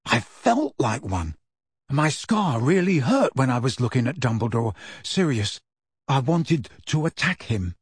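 A man reading an audiobook, voicing an anxious teenage boy who speaks in a hushed, uneasy voice. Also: mid-range voice, very animated, unhurried, breathy edge, dry recording, clean studio sound, exaggerated voice. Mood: frightened hushed. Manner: hushed, near whisper, uneasy.

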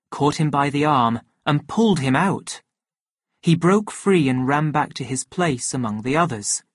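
A storybook narrator reading at an unhurried, measured pace. The voice is husky, and the recording is dry and close with no room sound. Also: medium pitch, no echo. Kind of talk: scripted narration of a graded reader.

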